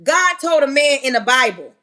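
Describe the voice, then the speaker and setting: High, bright-voiced woman preaching loudly. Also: expressive, normal speed. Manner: yelling and emphatic, banging on the table; rhetorical questions to listeners. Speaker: live-stream preacher. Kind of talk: impassioned live-stream preaching.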